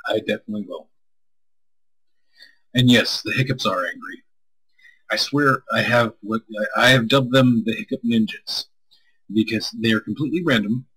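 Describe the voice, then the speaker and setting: Husky man chatting loosely on stream. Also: fairly low pitch, normal speed, long pauses, bright, forceful tone, low-quality recording. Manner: loose and rambling, swears freely, reads chat aloud. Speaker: stream co-host answering chat. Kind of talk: casual chat.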